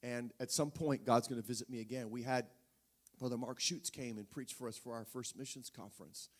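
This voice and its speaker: A man's voice: medium pitch, steady tone, a little fast. A male preacher telling a personal story in a sermon, talking conversationally with frequent restarts and fillers.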